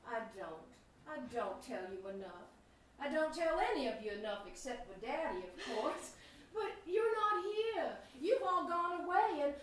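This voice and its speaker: A woman's voice: high-pitched, a little hiss or hum. An actress on stage playing a tearful, loving mother with a Southern accent. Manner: weepy, gushing. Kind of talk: stage play acting. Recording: echoey theater from far off.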